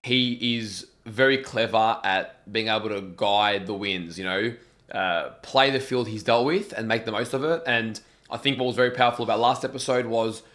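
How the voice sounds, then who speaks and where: A man's voice: on the low side, moderate pace, a bit bright. A man co-hosting a reaction video, chatting casually about a TV episode, rambling with frequent restarts and swearing. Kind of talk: casual chat reacting to a TV show.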